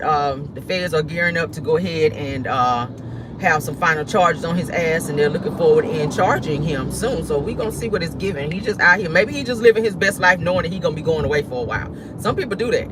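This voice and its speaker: A man's voice: fairly high pitch, background noise. A man hosting a casual celebrity gossip show, sassy and profane, laughing often and calling his viewers "y'all" and "honey".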